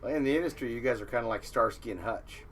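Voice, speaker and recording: A man hosting a podcast in a casual interview. He speaks quickly at a middle pitch, mostly with short prompts and agreeing words that keep his guest talking. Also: crowd noise. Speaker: podcast host.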